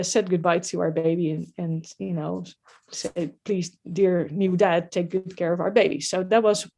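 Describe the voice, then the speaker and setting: A woman's voice: lowish voice, vocal fry, dark tone. A middle-aged woman with a Dutch accent, speaking as a podcast guest in a reflective, hesitant way with many fillers. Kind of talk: podcast interview.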